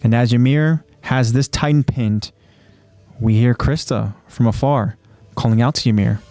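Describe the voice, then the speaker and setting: Recorded dry with soft music behind him, a man with a dark-toned, mid-range voice talks a little slowly. He co-hosts a relaxed anime-recap podcast, walking through scenes one by one before discussing them loosely.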